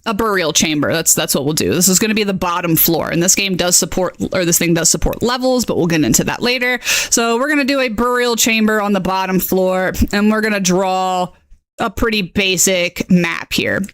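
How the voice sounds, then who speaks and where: A woman acts as game master for a casual live-stream tutorial, chatty and excitable, reacting out loud as she clicks and ending lines with "okay?". Her voice is fairly low and brisk, with no room sound.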